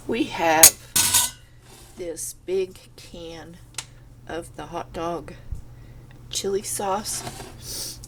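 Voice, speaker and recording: A woman talking through home canning in her kitchen, stuffed up and congested, rambling in a relaxed, unhurried way. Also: lowish voice, noisy background. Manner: slow, unhurried, rambling explanations. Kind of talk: casual kitchen how-to chat. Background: kitchen clatter of pots and utensils.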